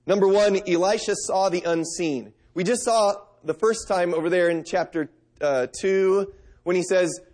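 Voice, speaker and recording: A man's voice: high voice, moderate pace, darkish tone. A middle-aged man preaching a sermon, reading scripture and telling stories in an earnest, conversational way. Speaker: pastor.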